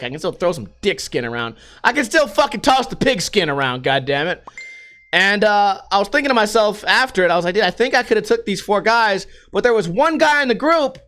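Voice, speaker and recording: A man's voice: sits high, fairly bright tone. A middle-aged man telling a rambling, profane story in a casual vlog. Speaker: vlogger.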